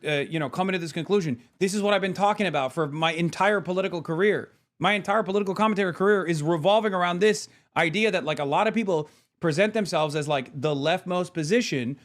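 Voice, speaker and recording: A man's voice: a little high, a bit bright. A man streaming live, reacting to clips and ranting about politics with frequent swearing. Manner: profane, ranting political commentary.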